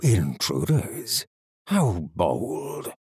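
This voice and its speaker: A man playing a regal, assured villain king who speaks slowly and with calm amusement. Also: lowish voice, full character voice. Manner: slow, measured, amused. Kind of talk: audiobook character voice.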